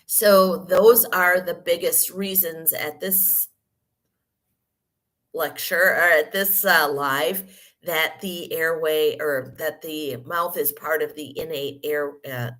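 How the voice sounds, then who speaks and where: A woman with a croaky morning voice after a cold, explaining health topics in a rambling podcast monologue full of ums and self-corrections. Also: low-pitched, slow, a bit bright. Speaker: podcast host. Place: hotel room.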